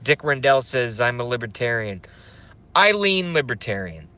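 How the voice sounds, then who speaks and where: A man's voice: mid-range voice, big pitch swings, moderate pace, pushed and bright. A man hosting a casual livestream, rambling, swearing, and reading out viewer comments. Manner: rambling, profane, emotional; reads chat comments aloud. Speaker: livestream host.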